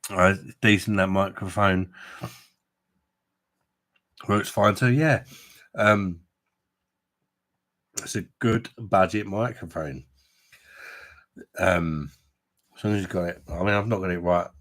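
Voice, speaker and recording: A man's voice: low voice, steady tone, slow pace, long pauses, fairly bright tone. A man hosting a casual beer livestream, bantering and reading out viewer comments from his room at home. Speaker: beer review livestream host.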